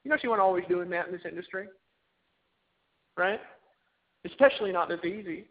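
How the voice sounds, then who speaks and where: Gravelly man preaching over a tinny phone line. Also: high-pitched, fairly quick. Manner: emphatic, repetitive, preachy exhortation. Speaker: motivational speaker on a conference call. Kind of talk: motivational pep talk.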